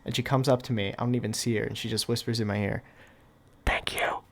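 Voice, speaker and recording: A man's voice: mid-range voice, steady tone, racing, gravelly. A young man casually telling a storytime, rambling and packing his talk with "like", with offhand, wry asides. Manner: rambling, filler-heavy with constant "like". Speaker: storytime YouTuber.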